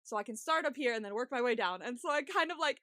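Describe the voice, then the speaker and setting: A woman's voice: on the high side, animated, quick pace, pushed and bright, dry recording, studio quality. A young woman co-hosting a podcast, telling a long story in a chatty, laughing way with lots of swearing and fillers. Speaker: podcast co-host. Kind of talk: casual storytelling chat.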